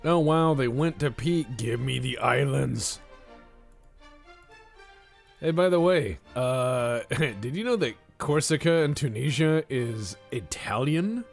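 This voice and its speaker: A man's voice: medium pitch, takes it slowly, vocal fry, faint music behind. A man streaming a naval strategy game, giving playful, rambling commentary with jokey asides to his chat. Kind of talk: casual live-stream commentary.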